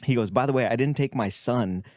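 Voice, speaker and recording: A man's voice: mid-range voice, fairly quick, darkish tone, dry recording. Podcast co-host, man, casual and profane, tells prank stories and laughs at them, dry close mic. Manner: swearing, laughs at his own pranks. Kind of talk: casual comedic storytelling.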